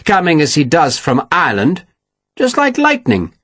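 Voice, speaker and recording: A man playing a genial colonel who smooths over quarrels in a grand, lively voice. The tone is husky and dry, close to the mic. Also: fairly high pitch, moderate pace, dry recording, pitched above the performer's own voice, full character voice. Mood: placating. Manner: grand, placating. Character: genial, evasive older male colonel.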